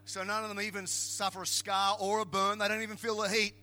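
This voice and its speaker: A middle-aged Australian man preaching a humorous sermon as a pastor, telling jokey stories in an animated way and building to emphatic shouts. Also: high-pitched, fairly quick.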